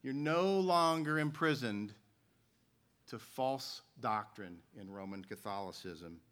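Bright-voiced male preacher. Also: medium pitch, expressive, takes it slowly. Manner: earnest, storytelling preacher who reads scripture aloud. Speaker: pastor. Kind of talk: sermon.

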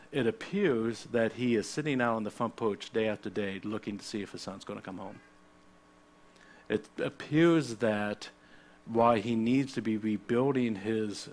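A man's voice: lowish voice, slight background noise. A middle-aged man preaching a sermon in a conversational way, with personal asides and frequent restarts. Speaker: pastor.

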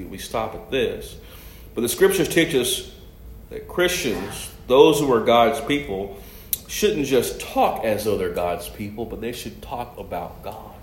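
A man preaching a sermon and reading scripture aloud, swinging from loud, raised passages to soft asides. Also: mid-range voice. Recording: echoey room.

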